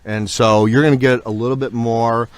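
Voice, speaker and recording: An easygoing man chats about coffee on a casual vlog, his voice pitched in an ordinary middle range. He rambles, agrees often and fills his pauses with little sounds. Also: fairly even intonation, clear, resonant tone. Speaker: vlogger. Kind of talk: casual product review chat.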